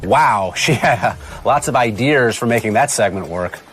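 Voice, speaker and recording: Wry male radio host, lively pitch. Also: normal speed, soft background music. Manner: wry, joking lines delivered between clips. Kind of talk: scripted recap narration with banter.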